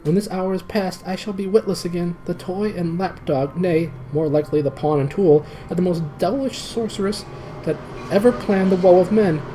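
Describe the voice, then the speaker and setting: A man voicing a tormented, enchanted knight who begs desperately to be set free, his voice strained and high. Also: normal speed, mellow, a little hiss or hum, natural voice, low-quality recording. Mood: desperate pleading. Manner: high strained pleading, rising to shrieks. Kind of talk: storybook reading.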